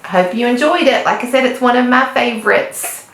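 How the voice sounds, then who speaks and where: A woman reads a children's story aloud with folksy, lively storytelling. Her voice sits a little high and comes from a distance. The room around her is very echoey. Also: brisk, creaky. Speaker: storybook reader.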